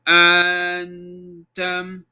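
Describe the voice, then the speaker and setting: A man's voice: high-pitched, completely flat delivery, extremely slow, bright, forceful tone, clear, resonant tone. A man hosting a live football fan stream, ranting in angry exasperation about his team's loss. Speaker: fan channel host.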